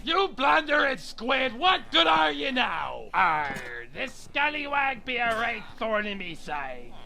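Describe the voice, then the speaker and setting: A man voicing a boastful old pirate captain with a gravelly, growling voice over game commentary. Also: very high voice, sing-song, slow, a crowd in the background, pitched above the performer's own voice, exaggerated voice. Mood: barking. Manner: theatrical, bellowing with hearty laughs. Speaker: gamer. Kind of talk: let's play commentary. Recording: game gunfire behind voice.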